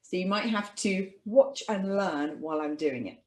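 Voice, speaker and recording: A woman's voice: on the low side, moderate pace, roomy sound. A woman teaching an online French lesson to children in a cheerful, sing-song manner. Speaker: language teacher.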